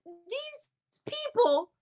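A woman doing a shrill cackling mean girl. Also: very animated, drawn-out words, warm tone, soft background music, full character voice. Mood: mocking laughter. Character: cruel young woman mocking through hysterical laughter.

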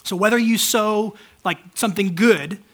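A man's voice: high-pitched, moderate pace, fairly bright tone. A man, a pastor, preaching a casual, candid sermon with lots of fillers and asides to the congregation. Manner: conversational, candid, many fillers.

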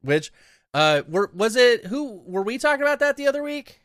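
A man's voice: very high voice, very animated, normal speed, a bit bright, no echo, clean studio sound. A man co-hosting a podcast in casual chat, ranting sardonically and swearing often. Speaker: podcast co-host.

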